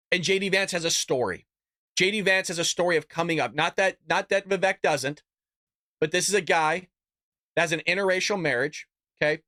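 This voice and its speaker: A man's voice: sits high, sharp tone, no echo, studio quality. A man hosting his own political commentary show, talking bluntly and animatedly, with laughing asides. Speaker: host.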